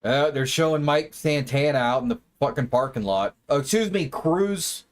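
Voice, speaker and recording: A man's voice: mid-range voice, animated, moderate pace. A man giving casual, wry live commentary while watching wrestling, swearing now and then. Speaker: watch party host.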